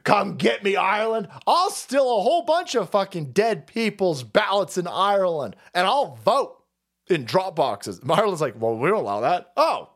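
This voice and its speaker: A loud, profane male livestream host who rants about the news and riffs on his chat. His pitch sits fairly high for a man and leaps wildly from low mutters to yelps, with frequent laughter and whoops. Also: sing-song, normal speed, gravelly. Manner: foul-mouthed, rowdy, laughs and shouts often. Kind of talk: crude political rant with live chat.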